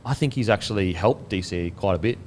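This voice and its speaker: A man hosting a casual sports podcast, relaxed and swearing now and then, tripping over player names. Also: on the low side, fast, slight background noise. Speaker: podcast host.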